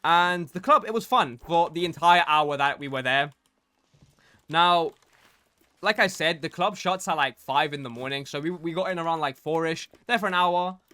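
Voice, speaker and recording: A man's voice: a little high, moderate pace, sharp tone, clean tone. A young man from England casually telling a rambling story while he plays a game, full of fillers and restarts. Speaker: gaming streamer telling a story.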